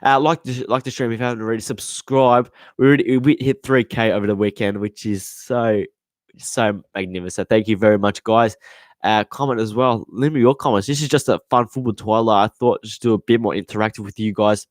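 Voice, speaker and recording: A young man hosting a casual football live stream, excitable and rambling, swearing often and restarting his sentences. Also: fairly low pitch, a little fast, no echo, studio quality. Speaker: football podcast host.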